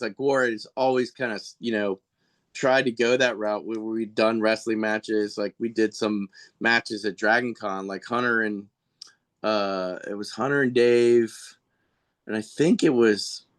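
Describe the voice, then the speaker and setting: A man of middle pitch tells long backstage stories in loose podcast chat. He circles back and restarts often, padding everything with fillers. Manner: rambling, with many restarts and fillers; jumps into high, animated voices when quoting people. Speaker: podcast guest, costume and effects artist for a shock rock band. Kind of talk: casual storytelling chat.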